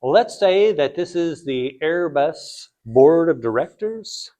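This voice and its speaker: Male finance lecturer, slightly high voice, chatty and blunt, heavy on rhetorical questions. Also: lively intonation, takes it slowly, dark tone. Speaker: finance instructor. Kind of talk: lecture to students.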